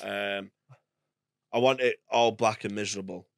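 A man's voice: fairly low pitch, fairly even intonation, a little slow, creaky, no room sound, clean studio sound. A man, a comedian on a podcast, chatting casually with stammering restarts and jokes. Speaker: comedian guest.

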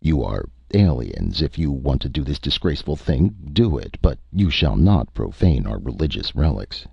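Male reader as alien chief: formal, imperious, pitched up. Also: very animated, normal speed, creaky, mellow, breathy edge, dry recording, dull audio, full character voice. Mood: commanding. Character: proud native male chief, jovial warlord.

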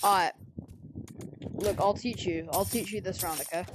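A woman playing a VR shooter and teaching a newcomer, chatting casually and joking, with sudden loud bursts when the action picks up. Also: lowish voice, steady tone, normal speed, background noise. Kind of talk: casual gameplay chat. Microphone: VR headset. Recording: loud gunfire in the background.

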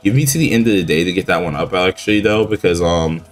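A young man with a deep, low voice, still groggy from the morning, chats casually and quickly while playing a mobile game match. His talk is loose and rambling, packed with fillers and slang, with soft music faintly underneath.

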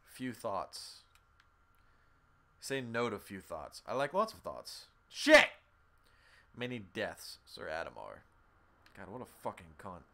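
Lively, foul-mouthed male game streamer. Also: on the low side, measured pace, gravelly, pauses often. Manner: swears freely and talks straight to viewers. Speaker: gaming streamer. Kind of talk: casual live gameplay commentary, reading game text aloud.

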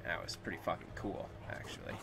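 A man's voice: brisk, background noise. A man streaming a zombie shooter, muttering casual commentary to himself and swearing now and then in a small room. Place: small room he calls a closet.

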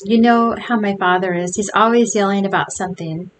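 A woman reads a children's chapter book aloud in an animated storytelling style. She jumps up in pitch for excited or shouted lines. A faint hiss sits under her voice. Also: a little fast, rough recording. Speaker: reader.

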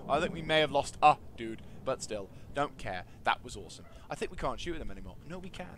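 Excitable man commentating his strategy game. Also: mid-range voice, moderate pace, background noise. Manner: excitable, talks to his troops, swings between mumbles and shouts. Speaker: gaming video host. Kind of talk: casual gameplay commentary.

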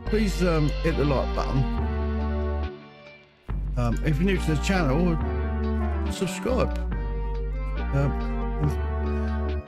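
A man's voice: a little high, expressive, very slow, long pauses, loud music behind the voice. A man hosting his own gaming channel, chatting and joking to himself while he plays. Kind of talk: let's play commentary.

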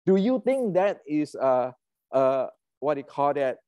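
A man's voice: a little high, very animated, unhurried, darkish tone, no echo, muffled recording. Heated man. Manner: heated, ranting, many restarts and fillers. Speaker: martial arts channel host. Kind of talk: casual lecture.

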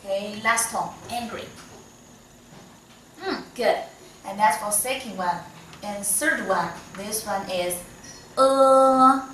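Slow, patient Chinese-accented woman teaching. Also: medium pitch, steady tone, a bit bright, recorded from a distance, slight background noise. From China. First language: Mandarin Chinese. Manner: patient, slow, encouraging, with modelled tones. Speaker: Mandarin teacher. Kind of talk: online language lesson. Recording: echoey room, voice slightly off-mic.

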